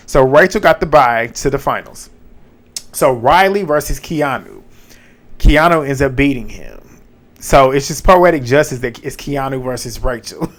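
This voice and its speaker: Guy hosting a reality show recap, slangy, cussing, keeps cracking up. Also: mid-range voice. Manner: animated, laughs often, slangy and profane. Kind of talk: casual recap commentary.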